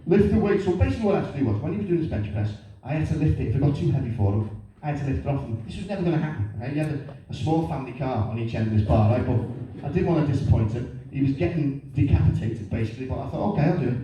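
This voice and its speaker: A man's voice: mid-range voice, rapid-fire, hardly any pauses. Self-mocking man, echoey stand-up recording. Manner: lively, animated and self-mocking. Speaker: stand-up comedian. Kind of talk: stand-up comedy storytelling. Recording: echoey room, distant mic, faint noise.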